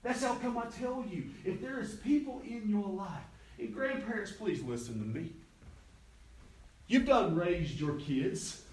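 A middle-aged male pastor, preaching in a folksy, storytelling way that slips into quoted voices. His voice sits a little high for a man. The sound is roomy and comes from somewhat far off the mic, as in a church hall. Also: lively intonation, a little slow, a little mellow. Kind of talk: sermon. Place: church sanctuary. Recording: echoey hall, distant mic.

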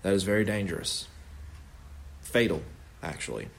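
A man's voice: low-pitched, normal speed, gravelly. A young man leading an informal Bible study in a conversational, earnest way, often correcting himself mid-sentence.

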